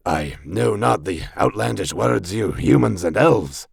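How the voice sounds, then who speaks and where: A man's voice: on the low side, animated, a little slow, creaky, husky, dry recording, clean studio sound, pitched above the performer's own voice, heavily acted. A man voicing a bombastic male dwarf warrior role-player, with grandiose archaic phrasing and a failed attempt at a Scottish brogue.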